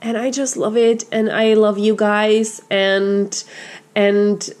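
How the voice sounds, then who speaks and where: A woman's voice: mid-range voice, flat delivery, slow, darkish tone. Gushing woman giving a tarot reading. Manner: gushing, repetitive, effusive; frequent fillers and restarts, addresses viewers as you guys. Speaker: tarot reader. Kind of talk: casual tarot reading to camera.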